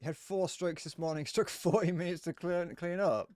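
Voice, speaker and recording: A man's voice: sits high, fairly even intonation, normal speed, a little mellow, no echo. A man in his twenties chatting casually to viewers while playing a game live, joking and swearing as he goes. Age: 20s. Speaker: streamer.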